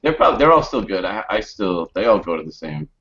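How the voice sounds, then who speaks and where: A man's voice: low voice, big pitch swings, fairly quick, a bit bright. A man joining a casual video chat as a guest, easygoing and joking. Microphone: video call. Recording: muffled lo-fi web stream.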